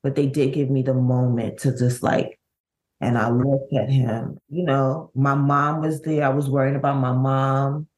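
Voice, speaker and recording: A middle-aged woman, a bereaved mother, telling her story in an interview, with halting, vivid recounting and many restarts. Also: a bass voice, level tone, darkish tone. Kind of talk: emotional personal storytelling.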